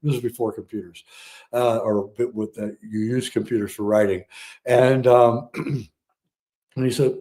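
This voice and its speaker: A podcast guest, a man, tells a story in a relaxed, meandering way. His voice is mellow and dark in tone at a middling pitch. He stops and restarts often, filling the gaps with ums and uhs. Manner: halting, with many fillers and restarts. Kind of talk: casual storytelling.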